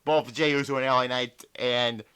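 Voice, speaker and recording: A man's voice: medium pitch, steady tone, normal speed, sharp tone, clear, resonant tone. A young man reviewing a wrestling show in a casual, exasperated rant full of swearing. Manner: profane, exasperated ranting.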